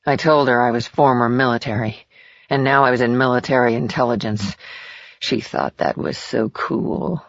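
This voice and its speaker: A cruel, cold-blooded killer, put on by a male narrator, all gravel and menace, bragging in flat tones. The voice sits mid-range, and the recording is dull and lo-fi. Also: mid-range voice, moderate pace, no room sound.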